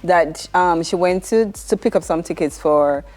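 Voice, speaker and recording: A woman with a Jamaican accent, an honored guest chatting on a daytime show, telling stories in an animated, laughing way. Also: fairly low pitch, measured pace. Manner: animated, laughing, lively storyteller. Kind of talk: casual talk-show chat.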